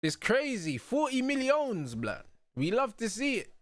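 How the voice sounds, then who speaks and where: A young man hosting a live football watch-along, talking excitedly in heavy slang and laughing loudly. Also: extremely high pitch, unhurried, dry recording. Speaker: host.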